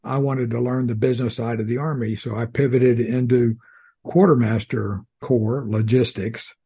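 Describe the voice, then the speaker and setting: Calm, soothing older man, husky. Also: mid-range voice, normal speed, lo-fi sound. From South Texas. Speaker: guest, retired Army officer. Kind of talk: casual interview.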